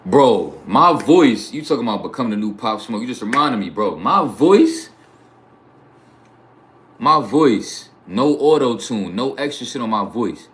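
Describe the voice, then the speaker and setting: A young New York man is boasting on his YouTube livestream, chatting casually in heavy slang and profanity. His medium-pitched voice is very animated and fairly bright, though he keeps a measured pace.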